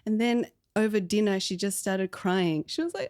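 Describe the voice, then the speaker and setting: A woman's voice: mid-range voice, expressive, brisk, hardly any pauses, darkish tone. A woman, the founder of a podcast, chatting casually about her story in a rambling way full of fillers. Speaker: podcast founder being interviewed.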